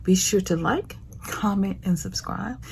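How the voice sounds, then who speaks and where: A woman hosting her own show, giving a slow, affectionate prophetic message that often sinks into a whisper. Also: medium pitch, darkish tone, slight background noise. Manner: slow, breathy, drifts into whispers; affectionate, calls listeners honey and baby. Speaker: host. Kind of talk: prophetic motivational monologue.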